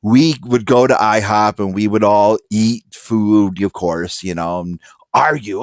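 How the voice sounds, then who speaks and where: A man telling stories in a casual podcast chat, acting out quotes loudly. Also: fairly low pitch, measured pace, no room sound, studio quality. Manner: animated storyteller, acts out quotes loudly. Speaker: podcast guest.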